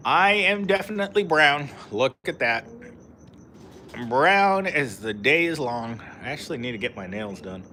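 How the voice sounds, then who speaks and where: An unhurried, expressive man with a mid-range voice that sounds pushed and bright, against slight background noise. He's in a park live-streaming, chatting with viewers and reading their comments in a rambling way, with lots of fillers and frequent laughs.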